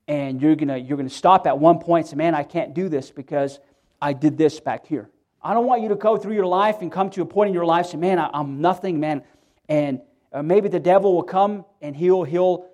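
A man's voice: on the high side, a little mellow, muffled recording. A middle-aged man, a pastor, preaching an earnest sermon in church, repeating himself and restarting phrases as he pleads with his listeners.

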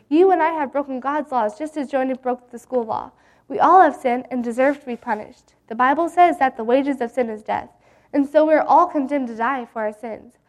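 A woman reading a Bible story aloud in an earnest, gentle way. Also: sits high.

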